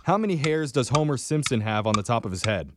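A man hosting a morning radio show, playfully bantering and briskly reading quiz questions. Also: medium pitch, expressive, noisy background.

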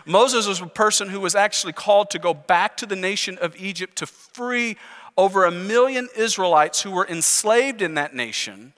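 Male pastor preaching, high bright voice, long echo in a big church hall. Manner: earnest, conversational, rhetorical questions. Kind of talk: sermon. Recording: long reverb in large hall.

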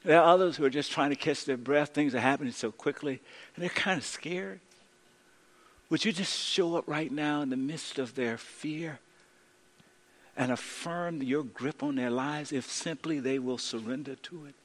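High-voiced preaching man in a hall. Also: moderate pace. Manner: preaching with dramatic swings from loud to hushed. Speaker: pastor. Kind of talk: sermon.

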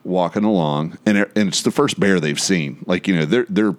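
Deep-voiced man telling a profane story. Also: normal speed. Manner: animated, profane anecdote telling. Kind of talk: casual storytelling chat.

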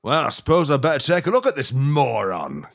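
A man's voice: medium pitch, brisk, vocal fry, exaggerated voice. A man playing a blunt, rude dog trainer. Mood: deadpan, blunt. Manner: drawling, deadpan, insulting.

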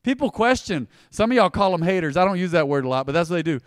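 A male pastor preaching a conversational sermon, emphatic and swinging between loud and hushed lines. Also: high voice, sing-song, quick pace, no room sound, clean studio sound.

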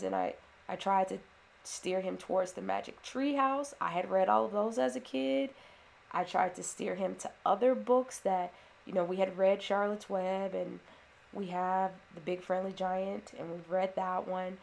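Woman, mother and ex-teacher, earnest, reflective storyteller, gravelly vocal fry, mid pitch. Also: unhurried. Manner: earnest, reflective, with restarts and fillers. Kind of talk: personal storytelling.

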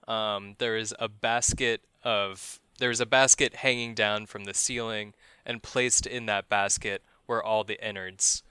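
Male podcast host, true-crime storyteller; low-ish, bright, smooth voice; casual, wry and profane. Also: dry recording. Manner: profane, wry, laughs at grim details.

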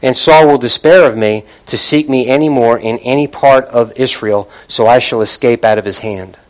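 A medium-pitched man preaches at an ordinary pace on a low-quality recording. As pastor, he retells scripture casually, repeatedly restarting phrases and asking his congregation for responses.

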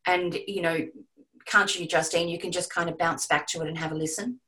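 A woman's voice: fairly low pitch, fairly even intonation, a little fast, sharp tone, rough recording. A woman who narrates audiobooks and coaches, chatting reflectively about her craft on a panel. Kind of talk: panel discussion.

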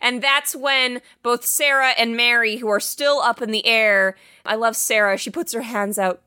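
A woman's voice: fairly high pitch, fairly even intonation, moderate pace, pushed and bright, clear, resonant tone. A woman co-hosting a podcast, casually recapping a movie with enthusiasm and the odd swear word. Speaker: podcast co-host.

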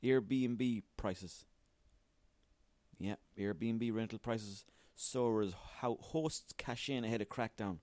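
A man's voice: fairly low pitch, slow, a little mellow, no echo. A man hosting a solo comedy podcast, sweary, rambling and self-mocking. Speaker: podcast host.

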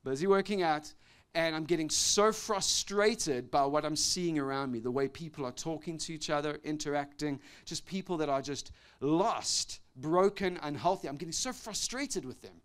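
A man delivers a sermon with a fairly high-pitched voice. He moves between loud, emphatic exclamations and soft, confiding asides. He often laughs lightly between phrases. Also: moderate pace, clear, resonant tone. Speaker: pastor.

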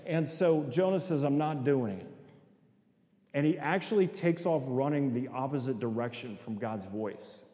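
A man's voice: mid-range voice, normal speed, hardly any pauses, warm tone. A middle-aged man giving a sermon-style talk, telling stories, acting out voices and often asking the audience "right?". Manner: acts out voices in quotes. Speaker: speaker. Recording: echoey hall with long reverb.

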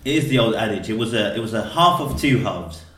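A man hosting a casual football podcast, upbeat and loud as he introduces the show and asks his co-hosts questions. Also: on the low side, lively intonation, brisk, background noise. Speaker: podcast host. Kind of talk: casual chat about football. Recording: echoey room.

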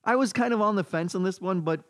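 A man's voice: high voice, fast talker, dry recording, clean studio sound. A man hosting a comedy podcast, recounting news stories in a chatty, amused way. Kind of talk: casual comedy podcast banter.

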